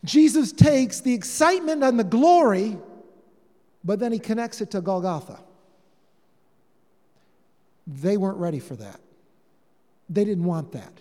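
High-ish voiced pastor guy preaching, acts out the dialogue, goes loud then soft, big echoey hall. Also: unhurried, long pauses. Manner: animated storytelling, acting out dialogue with shifting loudness. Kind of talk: sermon.

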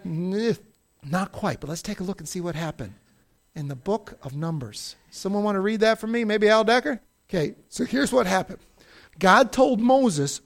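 An animated Bible teacher whose pitch leaps all over as they tell the stories. The delivery swings from loud outbursts to near-whispers, and the pitch sits in a middle range. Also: measured pace. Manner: expressive storyteller with big swings between loud and hushed. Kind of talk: animated Bible story lesson.

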